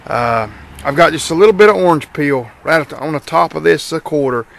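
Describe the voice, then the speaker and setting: A gravelly-voiced young man chats loosely as he walks around his car outside, filming with a handheld camera mic. His voice sits a bit high for a man, and his talk wanders with plenty of uh's and restarts. Faint outdoor noise hums underneath. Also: expressive, brisk, a bit bright. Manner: chatty, rambling, lots of fillers and restarts. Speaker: vlogger showing his repainted car. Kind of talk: casual walkaround vlog.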